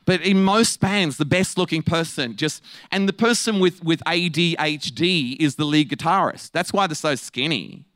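Animated, joking male preacher. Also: on the high side, no room sound. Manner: humorous, animated, quick asides with laughs. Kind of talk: sermon.

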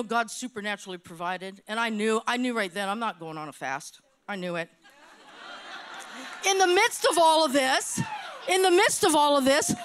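A woman's voice: high voice, fairly bright tone. A middle-aged woman preaching a sermon with passion, repeating phrases for emphasis.

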